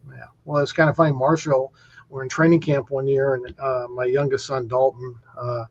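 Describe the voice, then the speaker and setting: A man's voice: medium pitch, flat delivery, normal speed, a little mellow, highs cut off. A man who works as an equipment manager, telling rambling anecdotes on a talk show, with many restarts. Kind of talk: casual storytelling chat.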